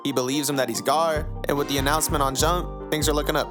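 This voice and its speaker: A man's voice: a little high, steady tone, fast talker. A young man casually recapping a manga in a chatty, slangy, joking way. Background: faint music.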